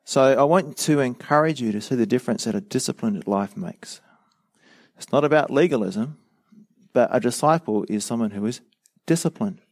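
Male pastor, middle-aged, earnest measured sermon, mid-pitched voice, dry close mic. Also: expressive, a little mellow, no echo.

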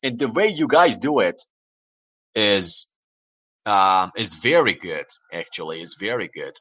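Chatty man with a bright voice. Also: on the low side, animated, measured pace, slightly rough, muffled recording. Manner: chatty, rambling, teasing questions to viewers. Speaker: livestream host. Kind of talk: casual chat to live viewers.

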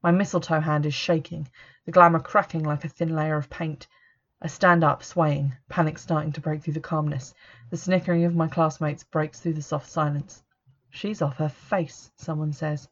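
A woman reading a first-person audiobook in a steady, measured way. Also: low voice. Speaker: audiobook narrator. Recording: dull lo-fi recording.

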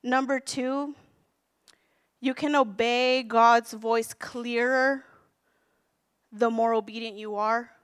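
A woman minister preaching a sermon, counting off numbered points and then candidly telling a personal story with gentle self-deprecation. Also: fairly high pitch, clean tone. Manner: earnest, counts off numbered points, quotes scripture.

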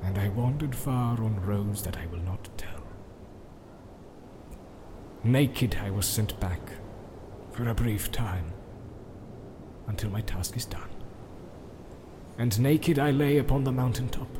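Gandalf, ein Mann spricht den alten Zauberer. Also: male voice, mid-range voice, lively intonation, background noise, natural voice. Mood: grave. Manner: solemn, measured, chanting verse. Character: ancient wise male wizard, grave and solemn. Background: film score music.

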